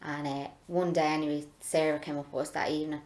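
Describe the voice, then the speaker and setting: A woman's voice: sits low, little pitch movement, fast, a little mellow. Young Irish woman, chatty, echoey room. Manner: chatty, full of fillers like "like". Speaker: interviewee, daughter of the patient. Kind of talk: recorded testimony.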